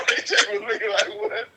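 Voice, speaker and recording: A man's voice: high voice, very noisy. A middle-aged father retelling a family video, laughing hard as he talks. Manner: laughing, animated storytelling. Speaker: vlogger's father. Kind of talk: casual phone call.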